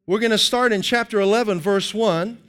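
A middle-aged man preaching a sermon as pastor, conversational and animated, tossing out rhetorical questions. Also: high voice, fairly quick, clean tone.

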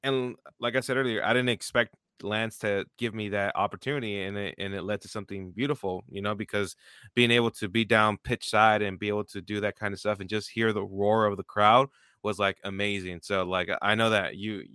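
A young man in his twenties hosts a podcast with a lowish yet bright, clear voice. He talks with enthusiasm and scatters fillers through his speech. The sound is dry and close. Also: steady tone, brisk, dry recording. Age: 20s. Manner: enthusiastic, fillers like and you know. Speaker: podcast host, stadium announcer. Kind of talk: casual podcast conversation.

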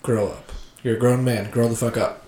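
A man's voice: medium pitch, steady tone, normal speed, mellow. A man as a podcast co-host in casual sports chat, making short, dry, blunt remarks.

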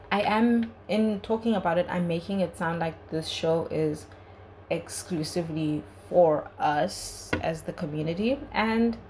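A woman's voice: fairly low pitch, darkish tone, a little hiss or hum, rough recording. A young woman hosting a podcast, giving an earnest, chatty solo review full of "like" and "you know". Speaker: podcast host.

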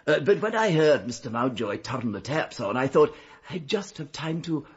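A man's voice: medium pitch, big pitch swings, moderate pace, breathy edge. An actor playing a deferential, correct male butler in a vintage radio drama, polite and a little hesitant. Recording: dull old radio recording.

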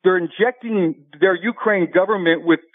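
A man's voice: sits high, normal speed. A male caller arguing on air with a radio host. He reads off figures and talks over the host. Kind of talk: heated call-in radio argument. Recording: tinny phone line.

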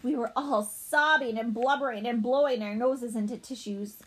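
A woman narrating a children's storybook in a playful, animated way as a young boy narrator. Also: a little high, moderate pace, husky, rough recording. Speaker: audiobook narrator.

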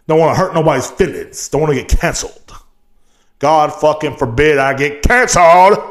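A man with a fairly high voice, ranting on his podcast. He is riled up, swears constantly and rambles from point to point. His voice rings around an echoey room. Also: a little mellow. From Texas, USA. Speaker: podcast host. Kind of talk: profane solo rant.

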